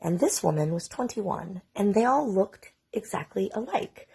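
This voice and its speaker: A woman's voice: mid-range voice, a little mellow, breathy edge. A woman in her forties, a mother, casually telling a long family story into her phone, chatty and full of "like". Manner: casual, chatty, sprinkles in "like" and mild swearing. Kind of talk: storytime vlog.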